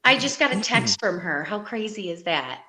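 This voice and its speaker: A woman telling a story in a casual podcast chat, animated and laughing as she acts out what people said. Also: mid-range voice, normal speed, crowd noise.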